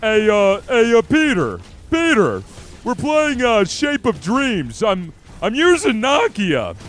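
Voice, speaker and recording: A man doing a loud, halting impression of a gruff grown-up cartoon neighbor who keeps saying a name, during a game stream. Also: high-pitched, huge pitch swings, faint music behind, pitched above the performer's own voice, exaggerated voice. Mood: blunt.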